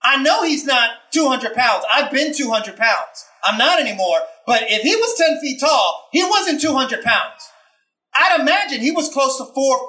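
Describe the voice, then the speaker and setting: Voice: high-pitched, bright, forceful tone. A preacher delivering a conversational sermon, retelling a scripture story with emphatic repetition and rhetorical questions. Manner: emphatic, repeats phrases for effect.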